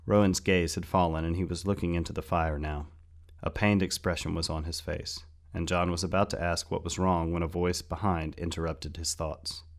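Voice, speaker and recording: A man narrating a fantasy story in a steady, measured audiobook style. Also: deep voice.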